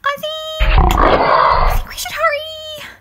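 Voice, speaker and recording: A woman reading a storybook aloud, voicing a nervous boy who whimpers and squeaks when scared. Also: lively intonation, a little slow, very noisy.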